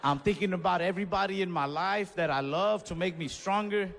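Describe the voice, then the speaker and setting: A young man with a slightly high voice tells a stand-up story, loose and chatty, then bursts into a shout for the punchlines. He is heard through a stage mic in a live venue, with a long reverb tail and a faint murmur of the room behind him. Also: a little fast, vocal fry, a little hiss or hum. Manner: laid-back and conversational, breaking into shouted bits for punchlines. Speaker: stand-up comedian. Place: comedy club stage with audience.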